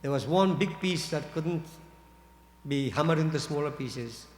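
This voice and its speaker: A man, a pandit telling a scripture story in a sermon, animated and addressing listeners as devotees. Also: a little high, a little slow, slight background noise. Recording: echoey hall reverb.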